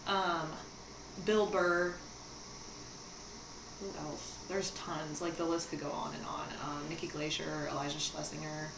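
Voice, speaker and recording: A young woman guest talking casually about comedy, relaxed, with fillers as she lists names. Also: sits low, unhurried, vocal fry, pauses often, distant mic. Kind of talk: casual chat. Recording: echoey room with noise.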